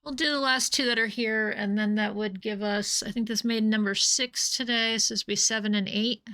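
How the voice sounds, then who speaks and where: A woman's voice: mid-range voice, fairly even intonation, normal speed, sharp tone. A woman streaming a game live, chatting casually and breaking off to scold and coo at her cats.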